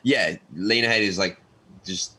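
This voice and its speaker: A man's voice: low voice, normal speed, sharp tone, poor audio. A young Australian man chatting loosely on a podcast, full of "like" and "you know". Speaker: podcast guest, actor and athlete. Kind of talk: casual podcast chat.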